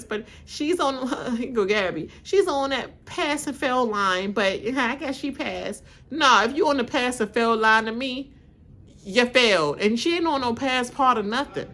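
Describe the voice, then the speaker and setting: Animated, laughing woman ranting about a show. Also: fairly high pitch. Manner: laughing often, mimicking cast members in exaggerated voices; blunt, ranting commentary. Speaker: reality TV reaction streamer. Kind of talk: live watch-along reaction and rant.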